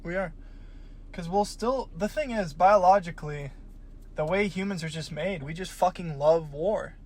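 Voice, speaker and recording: A man's voice: high voice, moderate pace, darkish tone. A young man in his early twenties on a casual podcast, stating opinions bluntly and swearing freely. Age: young adult. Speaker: podcast co-host. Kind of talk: casual chat.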